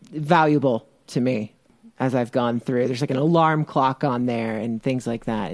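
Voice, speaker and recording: A man's voice: medium pitch, no echo. An American man, a podcast guest, talking in a hesitant, rambling way with a teasing edge. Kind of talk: casual podcast conversation.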